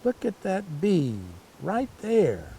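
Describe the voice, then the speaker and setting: An older man reading a children's picture book aloud, pausing to chat about the pictures. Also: high-pitched, gravelly, a little hiss or hum. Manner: slow, lively storytelling with asides about the pictures. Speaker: storytime reader.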